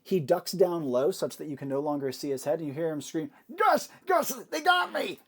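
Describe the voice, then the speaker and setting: A man voicing a male henchman in an armored flamethrower suit who yells threats and cries for help. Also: on the high side, fairly even intonation, fast talker, natural voice. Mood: panicked.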